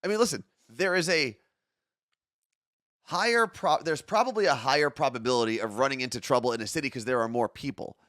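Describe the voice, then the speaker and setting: A man's voice: mid-range voice, fairly quick, fairly bright tone, no echo, clean studio sound. Long Island man co-hosting a chatty stream. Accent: Long Island New York. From Long Island, New York. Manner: joking, chatty, reads chat comments aloud. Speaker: co-host of a live-streamed morning show. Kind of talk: casual chat, reading viewer messages.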